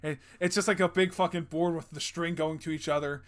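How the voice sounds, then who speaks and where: A man's voice: on the high side, fairly even intonation, brisk. Rambling, crude-joking male podcast host. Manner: rambling, filler-heavy, crude jokey banter. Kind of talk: casual chat.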